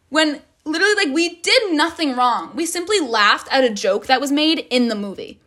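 A woman's voice: high voice, lively intonation, normal speed, sharp tone. A young woman telling a storytime rant in a casual, dramatic way, full of "like" and swearing. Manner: heavy filler "like", swearing, dramatic retelling. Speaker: vlogger.

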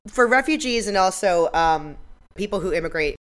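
A woman with a somewhat low voice co-hosts a casual recap podcast. She talks bluntly and swears freely, and she tells the story in an animated way. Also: normal speed. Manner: blunt, profane, animated retelling. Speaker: podcast co-host.

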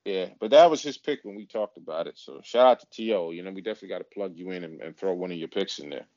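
A man's voice: low-pitched, fast talker, darkish tone, no room sound, dull audio. A man co-hosting a casual podcast chat, arguing in a heated way and repeating himself. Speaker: podcast co-host.

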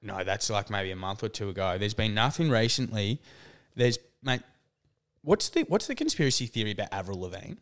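A young man with a whiny, nasal voice, co-hosting a chatty podcast. His pitch swings widely as he tells his stories, and he keeps calling his friend "mate". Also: fairly quick. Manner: animated storytelling, says "mate". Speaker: podcast co-host. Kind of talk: casual banter.

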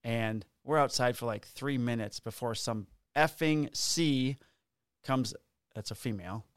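A man and police officer telling a story in casual chat, profane and animated, acting out the quotes. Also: mid-range voice, a little slow, clear, resonant tone, dry recording, clean studio sound.

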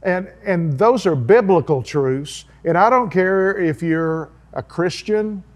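A man preaches in a folksy, earnest way, breaking into chatty asides. His voice sits a little higher than most men's. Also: takes it slowly. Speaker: pastor. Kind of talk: sermon-style video talk.

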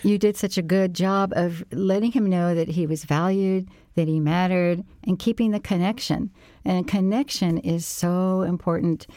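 A middle-aged woman guest speaking gently and reflectively, offering encouragement with frequent pauses to think. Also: on the low side, steady tone, dry recording, studio quality. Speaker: interview guest, parent support co-founder. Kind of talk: casual conversation.

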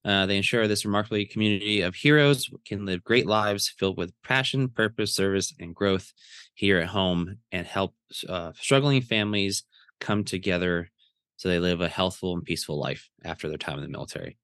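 Easygoing low-voiced male co-host. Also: fairly quick, a bit bright, clean tone, no room sound, studio quality. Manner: easygoing, with frequent filler "uh". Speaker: podcast co-host. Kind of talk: casual podcast chat.

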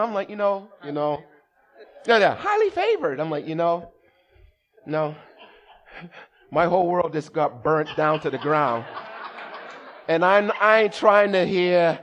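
A male pastor delivers a sermon in a church service with a high voice. His pitch swings widely as he jokes, trades call-and-response lines with the congregation, and shouts for emphasis. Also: a little slow. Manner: animated, humorous preaching with call-and-response. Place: church sanctuary during a service.

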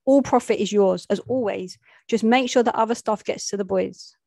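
A woman voicing a menacing, deep-voiced male drug dealer with an Italian accent in an audio story, teasing one moment and cold the next. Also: normal speed, gravelly, dark tone, dry recording, clean studio sound. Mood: commanding. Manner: laughing, teasing, then cold and threatening.

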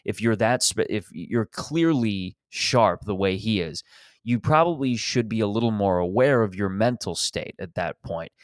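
A man's voice: on the low side, no room sound, studio quality. A man hosting a podcast, riffing in a rambling, profane, sarcastic comedic monologue. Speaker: podcast host.

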